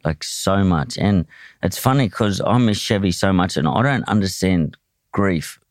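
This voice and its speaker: A man's voice: sits low, unhurried, no room sound, studio quality. An Australian man telling his own story in a candid, blunt way, swearing often and restarting his sentences. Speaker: podcast guest, boxer.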